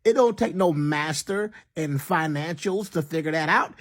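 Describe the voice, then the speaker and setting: A vlogger ranting emphatically and with humor about high rent. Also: normal speed, few pauses. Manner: exasperated, emphatic, joking. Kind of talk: casual rant vlog.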